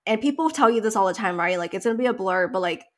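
A woman's voice: mid-range voice, lively intonation, quick pace. A young woman in casual chat, sharing a personal story in a talkative, emotional way, with many fillers. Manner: chatty, emotional, tearful at times.

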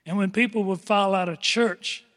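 An older man preaching a sermon as pastor, dramatic, stretching words out and swinging from loud declarations to hushed asides. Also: high-pitched, fairly even intonation, normal speed. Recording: long echoing hall reverb.

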